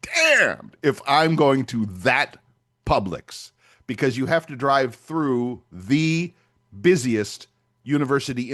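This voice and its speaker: An older man co-hosting a podcast, chatting casually and acting out little scenes as he tells stories. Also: sits low. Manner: animated storyteller, acts out dialogue. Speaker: podcast co-host. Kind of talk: casual chat.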